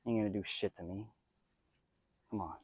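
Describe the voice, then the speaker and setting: A young man in a casual, rambling spiritual monologue outdoors, swearing freely and swinging between loud bursts and mumbled asides. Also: on the low side, normal speed, heavy background noise. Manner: profane, excitable, drifts between loud rants and mumbles. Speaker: spiritual vlogger.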